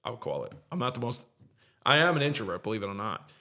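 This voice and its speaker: A man's voice: medium pitch, big pitch swings, quick pace, pushed and bright. A middle-aged man, a podcast guest, tells an emotional story in an earnest, repetitive way and gets choked up at times.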